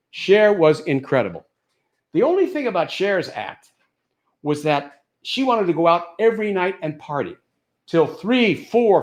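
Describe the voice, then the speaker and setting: Animated older male comedian telling stories. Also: high-pitched. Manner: animated, anecdotal, punchline-driven. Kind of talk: stand-up storytelling.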